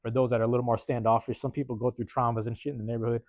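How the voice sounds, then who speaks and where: A man from the West Coast hosts his podcast in loose, streetwise slang, dropping curses and tagging "man" onto his lines. His voice sits in a middle pitch. The recording is dry and a little dull. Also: rapid-fire, dry recording. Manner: slangy and profane, full of "man" and "bruh" tags; acts out quoted neighbors in lively put-on voices. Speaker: podcast host. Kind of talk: casual storytelling monologue.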